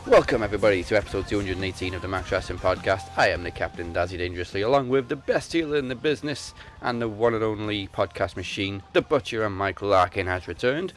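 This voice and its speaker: A man's voice: fairly low pitch, fast, hardly any pauses, soft background music. A man hosting a podcast in a casual, jokey, upbeat way. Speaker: podcast host. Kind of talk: casual chat.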